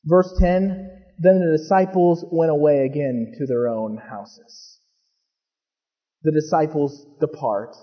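A pastor preaching a sermon, moving from calm scripture teaching to fervent, emphatic preaching. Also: male voice, fairly high pitch, takes it slowly. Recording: dull lo-fi recording with long hall reverb.

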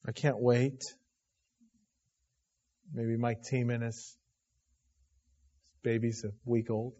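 A middle-aged man preaching a sermon as a pastor, emotional, dropping to a hush and then rising loud. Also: mid-range voice, flat delivery, slow, long pauses. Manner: emotional, swinging from hushed to loud. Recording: dull lo-fi recording.

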